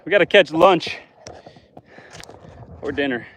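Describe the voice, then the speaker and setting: A man's voice: fairly high pitch, takes it slowly, a bit bright, slight background noise. Casting note: laid-back male homesteader from northern Canada, live-streaming by a lake, chatty and joking with viewers. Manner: chatty, joking, talks to chat while fishing. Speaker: homesteader and livestreamer. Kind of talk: casual live stream chat. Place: outdoors by a lake.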